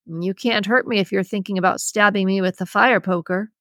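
A woman voicing a gruff, suspicious young man with a subtle New York accent, speaking in curt, accusing replies. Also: medium pitch, steady tone, fairly quick, fairly bright tone, no echo, clean studio sound, lightly acted. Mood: wary.

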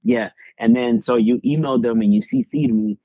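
A man's voice: mid-range voice, very animated, moderate pace, vocal fry, dark tone, no echo. Casual slangy man telling a story. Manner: casual, lots of slang fillers and swearing. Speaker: podcast co-host. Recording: dull lo-fi sound, dry.

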